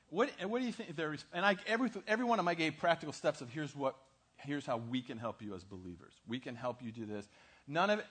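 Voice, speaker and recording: A man preaching a church sermon, telling a story, acting out dialogue and asking the audience questions. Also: mid-range voice. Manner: animated, asks the audience questions, acts out dialogue. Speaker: pastor.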